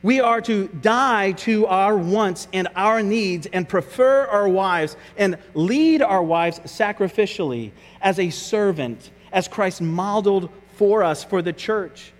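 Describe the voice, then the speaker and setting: A man's voice: high voice, slow, hardly any pauses, in a large hall. A man preaching a sermon as pastor, earnest and conversational, often repeating his words as he goes.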